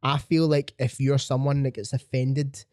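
A man's voice: medium pitch, flat delivery, normal speed, a little mellow, dry recording, studio quality. A man hosting a podcast, ranting bluntly with plenty of swearing in casual chat. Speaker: podcast host.

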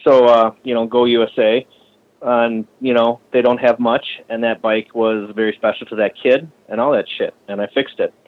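A man in the middle of casual podcast storytelling, his voice at an ordinary, mid-range pitch. He swears a lot and gets heated as he rants. The recording is slightly dull and lo-fi. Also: fairly even intonation, moderate pace. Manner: profane, heated, ranting. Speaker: custom bicycle frame builder.

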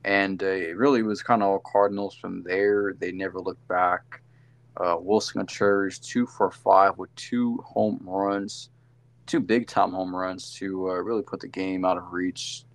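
A man's voice: low voice, fairly even intonation, measured pace, creaky. A man co-hosting a casual sports podcast, rambling through game recaps with lots of fillers and self-corrections. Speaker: podcast co-host.

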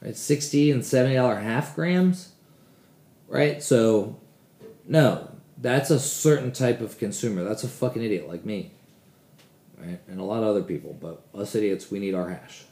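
A man's voice: lowish voice, moderate pace, mellow, reverberant. A man hosting a casual solo podcast, rambling and swearing freely as he talks, often poking fun at himself. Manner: rambling, profane, self-deprecating. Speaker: podcast host.

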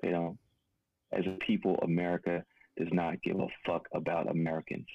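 A man's voice: low-pitched, little pitch movement, a little fast, vocal fry, dry recording, muffled recording. A man co-hosting a podcast, talking in a blunt, profane, casual way and telling a personal story. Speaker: podcast co-host. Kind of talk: casual conversation.

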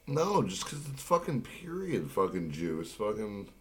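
A man's voice: lowish voice, sing-song, measured pace. A man co-hosting a podcast, blunt and swearing casually in chat. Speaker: podcast co-host.

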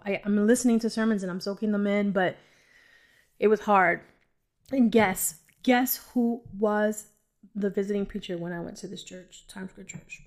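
A woman with a mid-range voice hosts a podcast and tells her own testimony of faith. She speaks emotionally and rambles, turning often to her listeners, and at times she drops to a near whisper. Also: medium pitch. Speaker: podcast host. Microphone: audio-only home recording.

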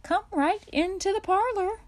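A woman's voice: very high-pitched, unhurried, pitched above the performer's own voice. A woman reading aloud, voicing a kindly, house-proud farm mother who praises her children and fusses over guests. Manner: bright, kindly, fussing.

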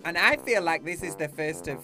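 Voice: mid-range voice, expressive, fairly quick, pushed and bright. Blunt, wry voice over music. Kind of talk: casual podcast chat.

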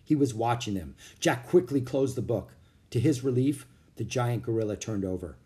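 A man's voice: medium pitch, lively intonation, normal speed, mellow. Man reading a storybook aloud. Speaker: narrator. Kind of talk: storybook narration.

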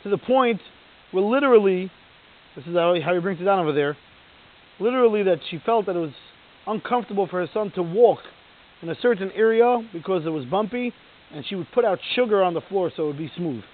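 A man's voice: sits high, lively intonation, fairly quick. A man giving a sermon as a Torah lecturer, telling a story and then pressing emphatic rhetorical questions. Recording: tinny phone-like recording.

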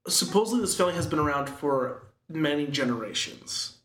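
A man casually retelling a film's plot in a rambling, filler-heavy way, now and then slipping into quick quoted voices. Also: a little high, lively intonation, a bit bright. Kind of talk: casual chat recapping a film. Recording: echoey room.

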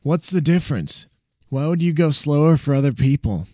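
A man's voice: fairly high pitch, animated, moderate pace, mellow, no echo, clean studio sound, voice pushed up, close to an everyday voice. A man reading a story aloud, voicing a sarcastic, playful young male roommate with a mocking, teasing drawl.

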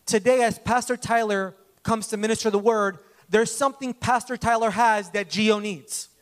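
A man's voice: high voice, fairly even intonation, moderate pace. A man pastor giving an earnest introduction to a guest preacher in church. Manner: earnest, exhorting the congregation. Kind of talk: sermon introduction.

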